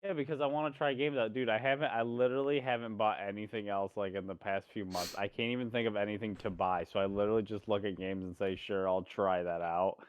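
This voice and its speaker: Animated young man, close dry mic. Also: fairly low pitch, fast talker, hardly any pauses, clean tone, no echo, highs cut off. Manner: animated, swears and laughs often. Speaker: podcast co-host. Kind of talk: casual chat.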